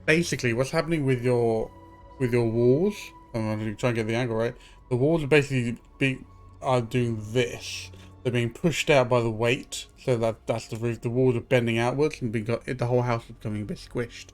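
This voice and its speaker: Male streamer, chatty rambler, mid-pitched, lots of ums and restarts. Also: fairly even intonation, a little fast, soft background music. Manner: rambling storyteller, many fillers and restarts. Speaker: live streamer. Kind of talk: casual live-stream chat.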